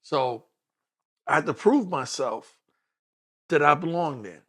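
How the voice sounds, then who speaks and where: Speaking slowly in a somewhat high voice, this man from Brooklyn, New York is a detective appearing as an interview guest. He recounts personal stories animatedly, playing the parts of the people he quotes.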